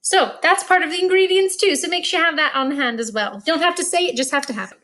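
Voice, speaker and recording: A woman, a school choir director casually walking viewers through a recipe in a kitchen, chatty and quick to laugh. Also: very high-pitched, pushed and bright. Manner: chatty, laughs easily, plays along with banter. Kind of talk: casual cooking demonstration.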